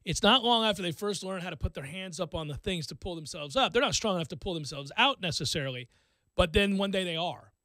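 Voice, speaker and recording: Brief: male talk radio host, fairly high pitch, dry close studio sound, animated talker who leans on emphasis. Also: fast, no echo. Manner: animated, emphatic, rocks away from the mic. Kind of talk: casual sports talk radio banter. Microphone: studio microphone.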